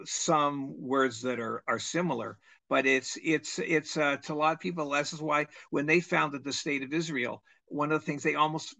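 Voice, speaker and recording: A man's voice: fairly high pitch, gravelly, no echo. A man in a casual video call chat, telling family stories in a rambling way with many restarts. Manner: rambling, restarts, animated when quoting. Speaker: trivia game player.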